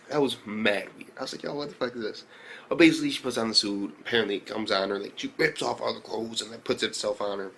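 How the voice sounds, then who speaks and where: A young man giving a casual, profane, excitable recap of an anime episode, often breaking into high exclamations. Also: vocal fry, slight background noise. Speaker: anime reviewer.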